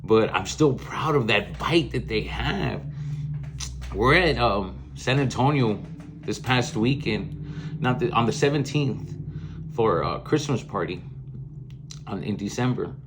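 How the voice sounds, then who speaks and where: A man's voice: lowish voice, background noise. A man in his forties hosting a podcast, telling family stories in a rambling, blunt way, swearing freely and laughing mid-story. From South Texas. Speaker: podcast host. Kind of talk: casual storytelling monologue.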